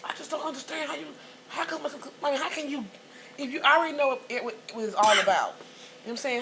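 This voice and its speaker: Gravelly middle-aged woman telling stories. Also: high voice, fast talker, crowd noise. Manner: animated storyteller, cusses freely, loud excited quotes. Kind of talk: casual chat. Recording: noisy background.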